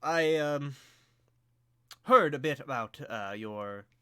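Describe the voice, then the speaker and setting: A man voicing a courteous noble lord in a tabletop game, speaking formally with hesitant pauses. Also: mid-range voice, expressive, fairly bright tone, clean tone, no echo, studio quality, pitched above the performer's own voice. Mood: gracious. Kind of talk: tabletop game role-play.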